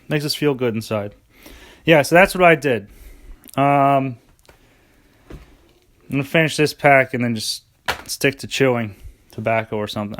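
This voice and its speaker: A man's voice: medium pitch, a bit bright. A young man hosting a rambling solo podcast, sarcastic and self-mocking, swearing often. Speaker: podcast host.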